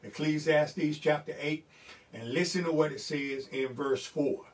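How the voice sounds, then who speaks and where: A man preaching a sermon, repeating lines and building to shouted fervor. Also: fairly high pitch, unhurried, far from the mic.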